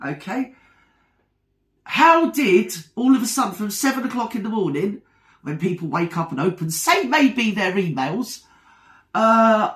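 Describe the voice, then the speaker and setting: A woman's voice: lowish voice, roomy sound. A woman comedy vlogger in a casual ranting monologue, blunt, defiant and indignant.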